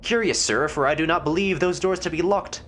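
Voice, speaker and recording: A fussy landlady who speaks in stiff, archaic phrases and drags her words out slowly, as a man puts her on. She sounds formal and insistent about getting her way. Her voice sits a little above a normal man's speaking voice. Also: fairly high pitch, a bit bright, voice pushed up, natural voice. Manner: old-fashioned thee-and-thou phrasing, drawn out.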